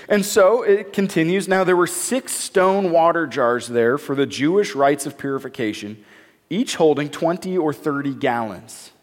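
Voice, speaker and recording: A man preaching a sermon as a pastor, conversational and joking, acting out the dialogue while reading scripture. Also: fairly high pitch. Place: church hall. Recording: long hall reverb.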